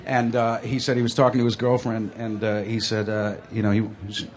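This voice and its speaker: A man's voice: fairly low pitch, monotone, fairly quick. An American man hosting a casual chat, dry and teasing, telling loose anecdotes. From United States. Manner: dry, teasing, storytelling asides.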